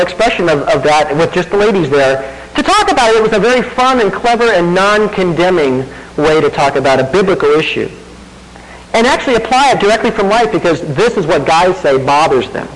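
A man's voice: high-pitched, poor audio. A middle-aged male pastor preaching a sermon in a conversational way, asking the congregation rhetorical questions and laughing at himself now and then.

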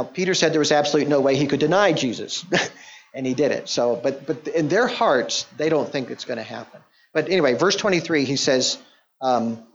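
Male preacher, mid pitch, chatty explanatory sermon, muffled lo-fi recording. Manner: conversational, explanatory, with restarts and quoted voices. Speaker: pastor or Bible teacher. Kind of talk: sermon, verse-by-verse Bible teaching. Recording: dull lo-fi sound.

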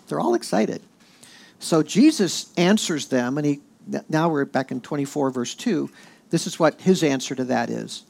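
A man preaching a sermon in a conversational, animated way. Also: a little high, normal speed, gravelly. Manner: conversational, with fillers and animated quoting. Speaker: pastor.

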